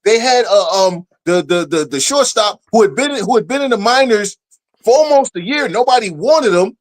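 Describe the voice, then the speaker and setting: A man's voice: high-pitched, animated, moderate pace. A man co-hosting a podcast, ranting in exasperation about sports, swearing and then apologizing. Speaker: podcast co-host. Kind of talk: heated sports debate.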